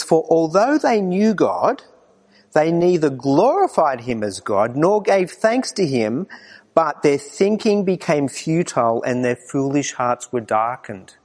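A man preaching a morning sermon, moving between quiet low passages and raised, emphatic lines. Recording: long reverb of a hall.

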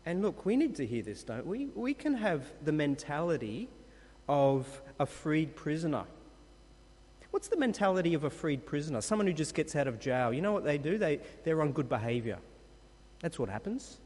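A man preaches in a church, his voice sitting high and swinging up and down as he presses his points with rhetorical questions. The sound carries a long, echoing church reverb. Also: big pitch swings, moderate pace, darkish tone. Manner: emphatic, rhetorical questions, dramatic pitch swings. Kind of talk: sermon.

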